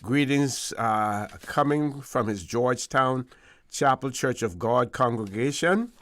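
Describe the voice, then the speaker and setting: A Caymanian man hosting a radio talk show, talking in a relaxed, rambling way with plenty of fillers and restarts. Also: medium pitch, takes it slowly, dry recording. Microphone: studio microphone.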